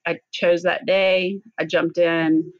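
A middle-aged woman speaks as a podcast guest, telling her own story in a candid, earnest way. Her voice sits a little low. The audio is dull and lo-fi, as over a remote connection. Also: flat delivery, slow, no room sound. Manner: earnest, candid, at times choked up. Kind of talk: personal story in an interview.

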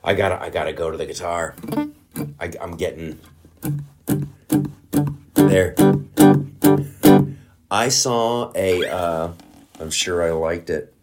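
A middle-aged man hosting a comedy podcast, ranting in a profane, worked-up way and breaking into loud outbursts. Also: deep voice, slow, pauses often. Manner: mumbling around a guitar pick in his mouth. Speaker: podcast host. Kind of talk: casual comedic political rant.

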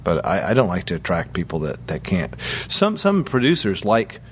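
A man's voice: low voice, huge pitch swings, normal speed, a little hiss or hum. Man, studio guest, jokey storyteller, casual swearing. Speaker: musician guest. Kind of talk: casual chat. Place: recording studio.

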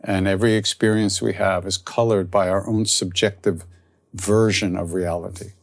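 A man, a spiritual teacher, telling a story and then reflecting softly on spiritual practice. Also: deep voice, steady tone, normal speed, no echo. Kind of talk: storytelling talk.

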